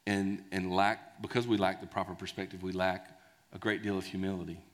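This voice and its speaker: A man preaching a sermon in a conversational, animated storytelling way. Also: deep voice, brisk. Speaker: pastor. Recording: long hall reverb.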